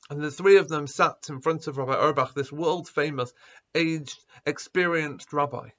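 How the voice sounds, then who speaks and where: A man speaking as a rabbi at a school assembly, telling a story with lively quoted dialogue. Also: on the high side, muffled recording. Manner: animated storyteller, acting out quoted voices.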